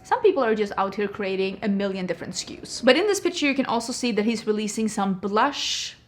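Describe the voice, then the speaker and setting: A woman's voice: medium pitch, animated, fast talker. A young adult woman talking casually as a beauty vlogger, chatty and full of rhetorical questions. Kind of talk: casual chat.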